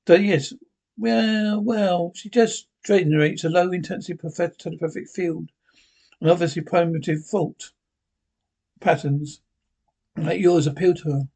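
A man with a husky voice reading the lines of an eccentric male time traveller, naming the character before each line. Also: high voice, unhurried, darkish tone, full character voice. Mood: brisk.

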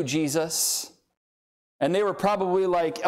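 A middle-aged man delivers a sermon in a fairly high voice. He tells the scripture story in a conversational, animated way and slips into quick voices for the people in it. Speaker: preacher.

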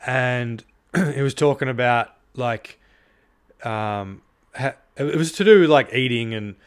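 A male podcast host speaking alone to his listeners, worked up and blunt. He swears freely and fills his pauses with "um" and "you know." His voice sits at an ordinary middle pitch. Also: clear, resonant tone. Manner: heated, swears often, many fillers. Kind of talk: solo podcast monologue.

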